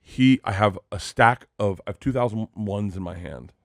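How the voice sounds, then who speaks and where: A man hosting a podcast, telling a comic story in a rambling, animated way and swearing freely. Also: on the low side, normal speed, dry recording, clean studio sound. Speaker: podcast host. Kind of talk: casual comedic storytelling.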